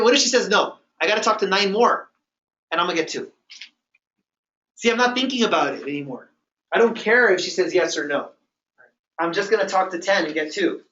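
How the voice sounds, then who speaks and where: High-pitched and a little bright, a male business trainer delivers a motivational talk to a group gathered in a meeting room. He repeats himself emphatically and keeps asking "okay?" Picked up by a distant mic, the sound is roomy and dull.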